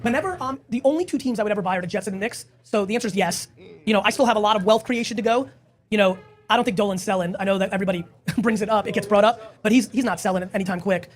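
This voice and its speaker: A man's voice: high-pitched, very fast. A man hosting a live audience Q&A, answering questions in a blunt, emphatic way and swearing often. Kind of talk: live Q&A talk.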